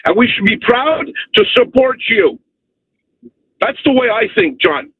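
A high-pitched man with a gravelly, husky edge calls in to a radio show from Canada. He talks with hammering emphasis and keeps tacking on "okay?" The line is tinny and dry, like a phone call. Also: expressive, unhurried, no echo. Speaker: caller. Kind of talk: phone-in rant.

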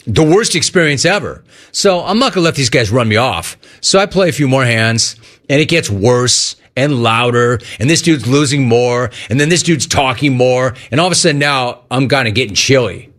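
A man's voice: mid-range voice, lively intonation, normal speed, fairly bright tone. A man hosting sports talk radio, telling a rambling, jokey story and acting out the voices in it. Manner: rambling, jokey, acts out the voices in his stories.

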